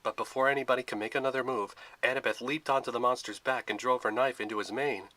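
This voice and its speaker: Bright-voiced male storybook narrator. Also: medium pitch, fast, no echo, poor audio. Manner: steady, expressive reading.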